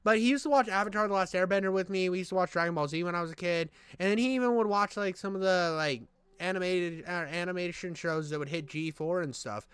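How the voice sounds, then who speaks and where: A man with a high, smooth voice rants about family in a loud, profane, animated way. The sound is dry and close, with no room around it. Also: fast, dry recording. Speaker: podcast co-host. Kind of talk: casual chat.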